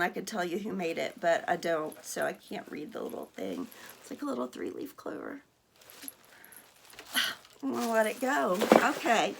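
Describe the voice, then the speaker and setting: A woman vlogger chatting casually while unboxing gifts, gushing and excitable, exclaiming and laughing often. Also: medium pitch. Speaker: vlogger opening mail.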